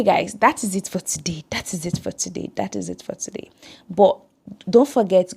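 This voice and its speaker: A woman's voice: mid-range voice, vocal fry, a little mellow, breathy edge. A woman hosting a devotional podcast, speaking in an earnest, exhorting way and repeating phrases for emphasis. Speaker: podcast host.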